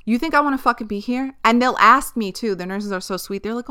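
Bright, clear-voiced candid woman. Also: on the high side, fast talker. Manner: candid and profane, emphatic with lots of fillers. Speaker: podcast host. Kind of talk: casual podcast monologue.

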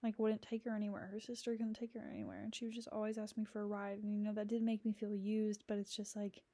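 A woman's voice: medium pitch, monotone, fast talker, warm tone, dry recording. A young adult woman hosting a podcast, talking through friendships in a rambling, candid way, with lots of fillers and blunt swearing. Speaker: podcast host. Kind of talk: candid casual monologue.

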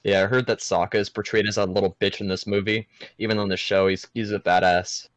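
A man's voice: on the low side, little pitch movement, fast talker. A young man in casual, profane chat, reacting to a movie with mocking disbelief. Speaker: friend watching a movie, fan of the show.

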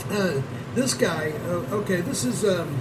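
A man's voice: high-pitched, animated, unhurried, noisy background. A middle-aged man hosting a show, rambling through profane stories with laughs. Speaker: podcast host. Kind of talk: casual storytelling.

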